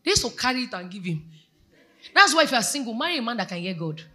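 Bright, lively Nigerian woman preaching. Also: on the high side, quick pace. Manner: exhorting, asks the congregation questions. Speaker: pastor. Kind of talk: sermon. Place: church.

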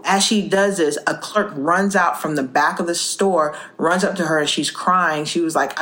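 A woman co-hosting a faith podcast, telling stories in a lively way and acting out the people in them. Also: sits low, moderate pace, few pauses. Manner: animated storyteller, acts out quoted voices. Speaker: co-host. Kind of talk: faith podcast chat and storytelling.

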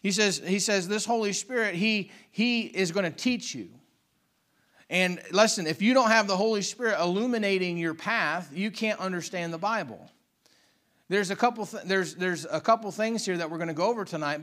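A man's voice: high voice, a little fast, a bit bright. A man preaching a sermon with fervent, dynamic delivery, reading scripture and repeating phrases for emphasis. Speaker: pastor.

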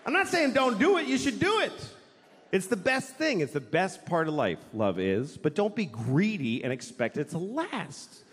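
Animated profane comedian, hall reverb. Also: male voice, high-pitched, normal speed, a faint crowd. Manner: profane, exasperated ranting. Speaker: stand-up comedian. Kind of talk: stand-up comedy. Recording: long hall reverb, faint noise.

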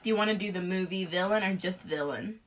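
A woman's voice: fairly low pitch, fast talker, slight background noise. A young woman chatting casually and playfully during a guessing game, giggling often. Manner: giggly, playful, reads prompts aloud. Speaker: co-host playing a guessing game. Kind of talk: casual chat.

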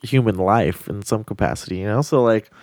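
A man's voice: fairly low pitch, a little fast, a little mellow, dry recording. A man in casual podcast chat who swears often, laughs a lot and riffs on the topic.

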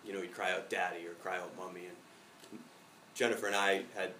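Middle-aged pastor guy preaching, thoughtful storytelling, low voice, echoey church, bit of background noise. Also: flat delivery, normal speed, sharp tone, distant mic. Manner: reflective, personal storytelling. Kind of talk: sermon.

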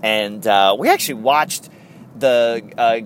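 A man's voice: mid-range voice, slow, a little hiss or hum. A man hosting a casual chat, telling stories in a rambling way and laughing often. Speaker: podcast host.

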